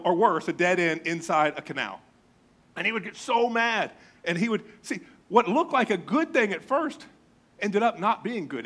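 A middle-aged pastor preaching a sermon in a church, telling funny self-mocking stories. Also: male voice, high-pitched. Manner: storytelling, self-mocking, animated.

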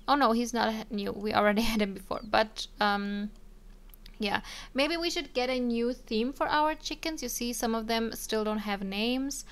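A woman's voice: fairly high pitch, moderate pace. Chatty young woman narrating her game. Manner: chatty, talks to her game characters, frequent ums. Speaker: let's play streamer. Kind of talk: casual game commentary.

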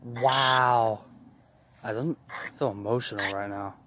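Excitable man whispering and shouting outdoors. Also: medium pitch, slow. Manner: excitable, swings between hushed whispers and loud outbursts. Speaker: paranormal investigator vlogger. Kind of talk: ghost-hunting vlog commentary. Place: outdoors at night at an abandoned site. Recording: loud outdoor noise with crickets. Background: crickets and insects.

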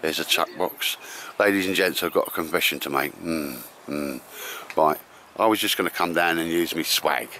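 Matey, low-voiced bloke chatting outdoors. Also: male voice, normal speed, sharp tone. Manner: matey banter, says "mate" and "bosh" constantly. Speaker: vlogger. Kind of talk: casual chat while filming a camping trip. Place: outdoors at a windy campsite. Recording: faint wind and outdoor noise.

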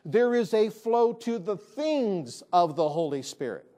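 A pastor preaches to his church in a high-pitched man's voice. He presses his points hard and repeats his key lines for emphasis. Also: animated, unhurried, dark tone. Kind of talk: sermon. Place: church sanctuary.

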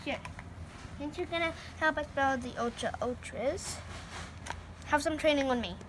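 A woman's voice: sits high, normal speed, background noise, natural voice. A woman voicing a friendly young male space hero who talks eagerly, with many fillers and restarts. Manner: chatty, hesitant with many fillers.

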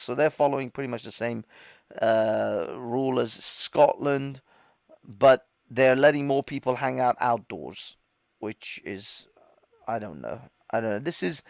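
A man's voice: a little high, vocal fry, dry recording. A man hosting a livestream with a London accent, ranting in casual commentary, swearing and laughing often in a mocking way. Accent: London English. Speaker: livestream host.

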